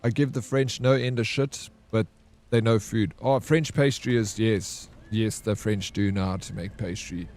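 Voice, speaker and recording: A man's voice: on the low side, fairly even intonation, moderate pace, a little mellow, a little hiss or hum. Joking South African man streaming games. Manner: joking, teasing banter, greets and thanks viewers. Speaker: variety streamer. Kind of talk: casual live-stream chat while gaming.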